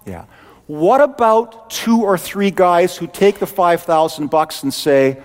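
High-voiced preacher. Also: male voice, slow pace, long reverb tail. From Canada. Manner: animated, conversational preaching. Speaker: pastor. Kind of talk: sermon.

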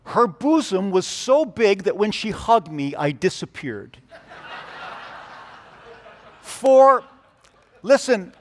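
A man preaching a sermon, telling stories and moving between hushed and emphatic delivery. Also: high voice, very animated, a little slow, few pauses, in a large hall, a little hiss or hum. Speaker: pastor.

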